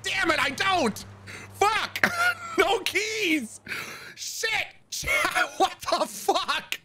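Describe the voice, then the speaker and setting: Brief: man putting on a brash young woman outlaw, high and shrieky, swears nonstop, wildly swinging voice, slow panicked delivery. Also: very animated, bright, forceful tone, full character voice. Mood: frantic. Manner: frantic, shrieking and cursing. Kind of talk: roleplay gaming stream.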